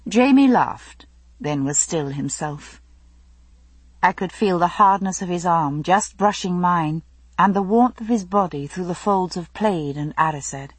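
A woman reading a first-person novel aloud as an audiobook narrator, measured and even. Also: on the low side, slightly rough, no room sound.

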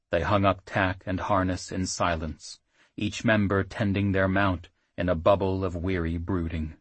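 A man narrating a fantasy audiobook in a measured, even storytelling manner. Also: sits low, breathy edge, dry recording.

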